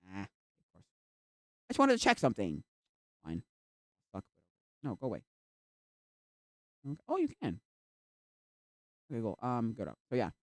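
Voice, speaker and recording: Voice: mid-range voice, wildly swooping pitch, moderate pace, long pauses, no room sound. Streamer rambling at the pc, says like a ton, bouncy voice, dry close sound. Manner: rambling, heavy use of "like". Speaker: live streamer. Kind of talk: casual stream chat. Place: at a computer while streaming.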